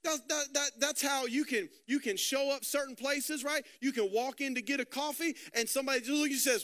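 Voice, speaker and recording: Bright high-voiced male preacher. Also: normal speed. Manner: storytelling with quoted dialogue, repeats words. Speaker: pastor. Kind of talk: sermon.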